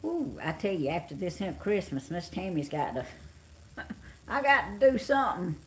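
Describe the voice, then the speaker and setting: A woman's voice: fairly low pitch, big pitch swings, moderate pace, slight background noise. A middle-aged woman with a Southern US accent, tired and chatting casually on a live stream, greeting viewers by name. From Georgia, US. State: tired, yawning. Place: home, on the couch.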